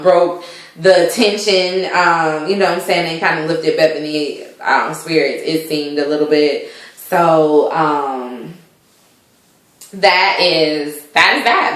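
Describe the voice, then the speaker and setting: A woman's voice: on the low side, fairly bright tone. Give me a woman vlogger rambling through a TV recap in a very echoey room. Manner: rambling, full of fillers and asides. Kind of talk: casual chatty recap.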